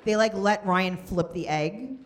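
A woman's voice: medium pitch, unhurried. A woman co-hosting a live podcast before an audience, recapping a reality show in a casual, joking way and mocking the people in it. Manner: joking, chatty, drops into mocking quoted voices.

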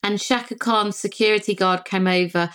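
A woman, a singer and podcast guest, telling lively stories in casual chat and acting out the voices of the people in them. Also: mid-range voice, normal speed, clear, resonant tone. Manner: animated, acts out quoted voices.

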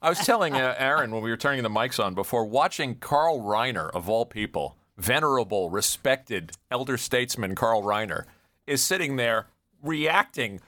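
A man co-hosting a comedy podcast, asking questions enthusiastically and laughing loudly. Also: mid-range voice, no room sound. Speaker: podcast co-host. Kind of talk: casual interview chat.

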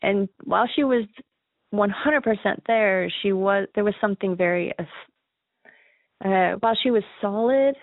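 A woman's voice: mid-range voice, normal speed, no echo. A woman earnestly recounting a personal ghost encounter, with nervous laughs. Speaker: caller sharing a ghost story. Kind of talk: emotional personal storytelling. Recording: tinny phone line, dry.

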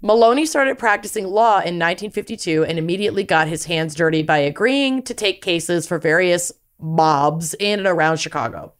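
A woman co-hosting a podcast, telling a story in a casual, profane, animated way with plenty of laughter. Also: on the low side, moderate pace, hardly any pauses, clear, resonant tone. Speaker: podcast co-host.

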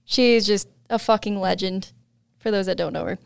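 A young woman guest on a podcast, telling a story in casual chat, laughing often and animated when quoting others. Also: medium pitch, normal speed, creaky, smooth, dry recording.

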